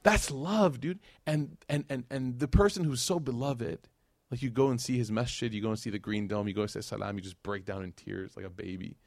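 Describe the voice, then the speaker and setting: A man tells a religious story in a relaxed, conversational lecture, breaking off for slangy, animated asides. His voice sits at an ordinary middle pitch. It is recorded dry and close, with no room echo. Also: brisk. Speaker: Islamic lecturer.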